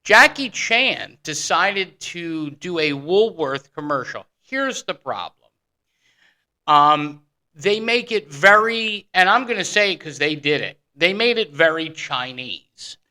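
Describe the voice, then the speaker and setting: A man hosting a casual radio talk show, excitable and rambling with many restarts. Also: on the high side, takes it slowly.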